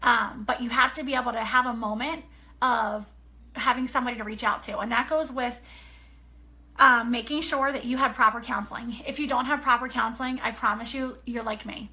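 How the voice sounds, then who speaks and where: A woman in her thirties, an author telling a personal story in an earnest, animated way, often checking in with her listeners. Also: fairly high pitch, brisk. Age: 30s. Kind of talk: casual personal talk.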